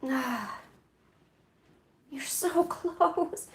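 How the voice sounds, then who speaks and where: A woman's voice: on the high side, very animated, normal speed, creaky. Playful woman coaxing her cats. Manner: coaxing and playful with pets, soft asides. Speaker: art streamer. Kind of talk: casual chat with her cats on a stream.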